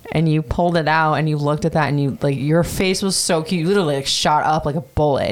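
Low-voiced chatty woman telling a story. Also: fairly even intonation, fast, few pauses. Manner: chatty, profane, lots of fillers. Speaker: podcast host. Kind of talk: casual storytelling chat.

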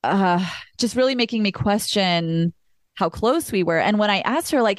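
A woman's voice: medium pitch, expressive, normal speed, no echo, clean studio sound. A young adult woman hosting a podcast, candidly telling a personal story with emphatic asides and the occasional swear word. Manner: candid and emphatic, swears, acts out quoted dialogue. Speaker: podcast host. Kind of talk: personal storytelling in casual chat.

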